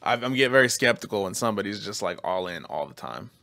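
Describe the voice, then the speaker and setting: A man's voice: on the low side, expressive, fast talker, bright, forceful tone. A man hosting a podcast, chatting in a loose, profane, laid-back way. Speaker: podcast host. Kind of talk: casual chat.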